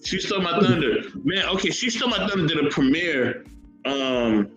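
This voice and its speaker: A man with a slightly high voice hosts a relaxed podcast, chatting loosely and reading a history passage aloud. He repeats words as he goes. The room is echoey and music plays clearly behind him. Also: normal speed. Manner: animated, repeats words, reads chat comments aloud. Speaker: podcast host.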